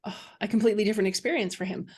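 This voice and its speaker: A woman hosting an interview who asks slow, drawn-out questions and reacts with warm exclamations. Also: medium pitch, fairly even intonation, husky. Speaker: podcast host. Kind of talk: interview conversation.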